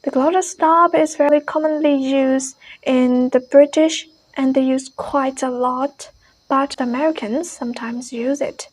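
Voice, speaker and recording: A woman teaching an English pronunciation lesson, explaining each point in a measured way and repeating every example word twice. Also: high voice, steady tone, poor audio.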